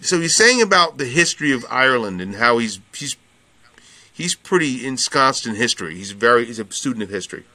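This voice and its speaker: A man's voice: medium pitch, big pitch swings, a little fast, sharp tone, no echo. A man co-hosting a podcast in casual chat, rambling with many fillers and frequent laughter. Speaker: podcast co-host.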